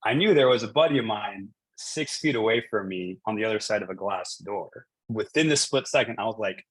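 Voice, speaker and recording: A man in his thirties talks through a personal story as a coach, looping back with fillers and restarts. His voice sits on the low side with a husky, slightly breathy edge. The sound is dry and close, with little room around it. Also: brisk, hardly any pauses, dry recording, rough recording. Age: 30s. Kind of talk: casual coaching conversation.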